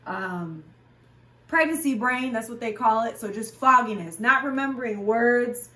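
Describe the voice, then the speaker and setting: A candid woman in a relaxed vlog chat, talking openly with plenty of ums and likes. Her voice sits at an ordinary pitch and comes from a little way off the mic. The room around her adds a noticeable echo. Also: unhurried. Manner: frank and chatty, with many fillers. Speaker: fitness vlogger and class instructor. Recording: roomy sound, voice from a distance.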